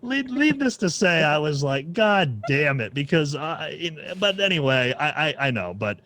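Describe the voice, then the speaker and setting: A man's voice: a little high, big pitch swings, moderate pace, bright, forceful tone. A man hosting a music podcast, chatting casually and rambling through his points. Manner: rambling, full of restarts and fillers. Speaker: podcast host.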